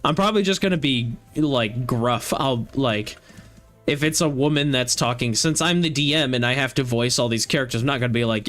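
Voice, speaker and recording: A man's voice: mid-range voice, fairly quick, a bit bright, faint music behind. A young man who streams games, chatting casually and rambling with lots of filler words. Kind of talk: casual chat while streaming a game.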